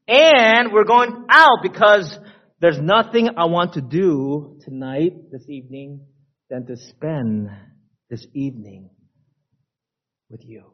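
A man's voice: sits high, pitched above the performer's own voice. A preacher playing a husband who speaks to his wife about anniversary flowers, on a dull lo-fi recording. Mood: tender. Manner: explains himself in quoted lines.

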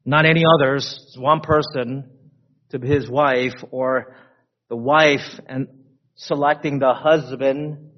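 A man's voice: mid-range voice, fairly even intonation, takes it slowly. A male preacher giving a conversational sermon, repeating key phrases and checking in with the congregation, on a dull lo-fi recording.

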